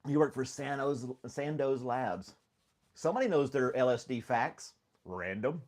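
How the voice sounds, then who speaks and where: A man's voice: medium pitch, expressive, a little slow, a little mellow. Rambling, easygoing man hosting a live chat. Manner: rambling, easygoing, laughs often. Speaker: live stream host. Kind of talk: casual chat with live chat viewers.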